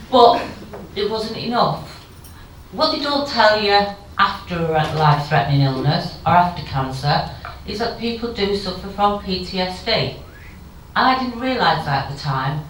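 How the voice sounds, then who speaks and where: A woman's voice: mid-range voice, a bit bright, slight background noise. A woman in her fifties giving a frank, emotional conference speech with wry humour. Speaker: keynote speaker. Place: conference hall. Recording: very echoey hall, far from the mic.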